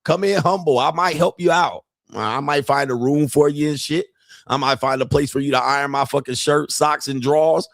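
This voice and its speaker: A man's voice: fairly high pitch, normal speed, creaky, no echo, clean studio sound. A man hosting a show, delivering a crude comedic rant in a boastful, profane, mocking way. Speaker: show host.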